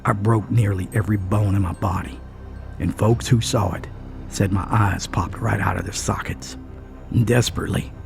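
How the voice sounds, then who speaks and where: Gravelly storyteller man. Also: deep voice, darkish tone. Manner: earnest, dramatic. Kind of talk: scripted first-person story narration.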